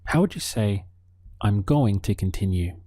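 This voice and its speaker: A man giving a spoken language lesson, calm and patient, modelling each word slowly so the listener can repeat it. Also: fairly low pitch, no room sound, clean studio sound. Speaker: language teacher. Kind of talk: slow, deliberate spoken lesson.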